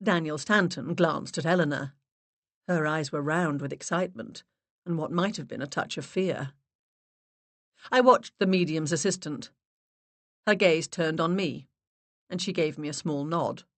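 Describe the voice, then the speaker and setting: A woman narrating a mystery audiobook in the first person, expressive storytelling. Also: low-pitched, measured pace, long pauses, dry recording. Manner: expressive storytelling with varied character voices.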